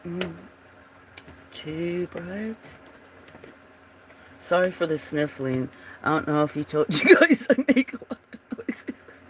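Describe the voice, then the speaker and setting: A giggly host chats loosely while drawing on a livestream, breaking into laughter often and leaving sentences unfinished. The talk is slow and drawn out, with a faint hiss of room noise underneath. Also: medium pitch, lively intonation, a bit bright. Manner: trails off mid-sentence. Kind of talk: casual chat while drawing.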